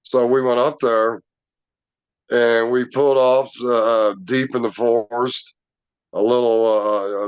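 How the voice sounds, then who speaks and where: A man's voice: mid-range voice, clean tone, muffled recording. A man casually telling a rambling personal story, with many fillers and restarts. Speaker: Bigfoot researcher telling a story.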